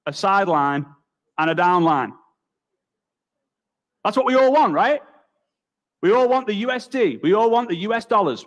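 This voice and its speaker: A young man from England with a Liverpool accent, speaking in a noticeably high voice. He drives a motivational talk forward with energetic storytelling and rapid-fire repetition. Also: muffled recording. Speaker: network marketing speaker.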